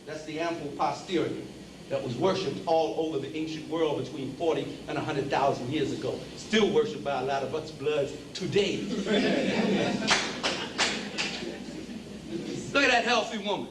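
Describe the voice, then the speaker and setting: Preacher-style man with a high voice, emphatic and repetitive, recorded far off in an echoey hall, faint hiss. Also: brisk. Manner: emphatic, repeating phrases for emphasis; addresses the audience as brothers and sisters. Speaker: lecturer. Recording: roomy hall, speaker away from the mic, faint background hiss.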